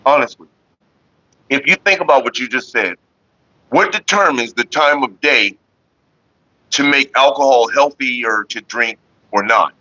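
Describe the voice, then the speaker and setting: A man's voice: medium pitch, measured pace, pauses often, dry recording. A man hosting a casual vlog from Northern California, answering viewers in a laid-back, rambling, profane way. The sound is a dull lo-fi recording. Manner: laid-back, profane, talks about staying calm.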